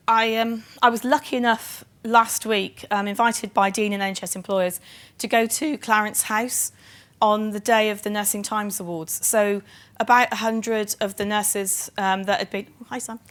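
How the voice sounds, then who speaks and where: A woman's voice: medium pitch, fairly even intonation, moderate pace, a bit bright. A middle-aged woman from Bristol with a Bristol accent, giving a conference keynote in a chatty, self-deprecating way with lots of ums. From England (Bristol). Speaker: chief nursing officer giving a keynote.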